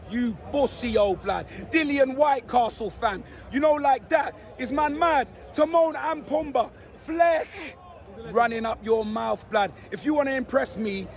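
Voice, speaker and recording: A man with a hoarse, nearly lost voice, loudly roasting rival football fans in street slang. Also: very high-pitched. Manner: loud, shouty, slang-heavy roasting. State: hoarse, voice almost gone.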